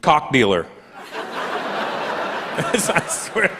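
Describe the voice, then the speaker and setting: A man's voice: on the high side, wildly swooping pitch, extremely slow, noisy background. A man doing standup comedy who teases the audience in a conversational way. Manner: conversational, teasing crowd work. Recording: live club with loud crowd.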